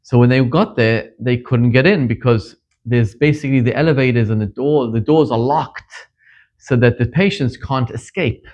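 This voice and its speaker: A middle-aged man from Zimbabwe, a rabbi giving a sermon and telling stories, his voice climbing sharply whenever he stresses a point. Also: moderate pace. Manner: animated storyteller, pitch leaping up for emphasis. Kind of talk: sermon with storytelling. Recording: dull lo-fi recording.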